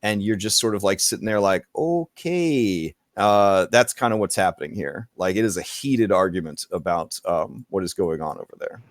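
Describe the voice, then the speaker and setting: A man narrating a tabletop game as game master in a relaxed, rambling way with many fillers. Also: low-pitched, fairly quick, few pauses, no room sound, clean studio sound.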